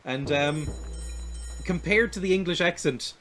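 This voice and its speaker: An Irish man streams a video game with casual, rambling, self-deprecating let's-play commentary. His voice is a little high, a bit bright and unhurried, with soft music playing in the background.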